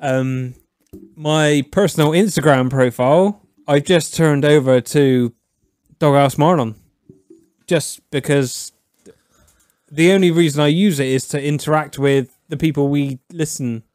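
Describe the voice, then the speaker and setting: Higher-voiced man, chatty. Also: unhurried, darkish tone, dry recording. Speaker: podcast co-host. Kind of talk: drunk casual banter.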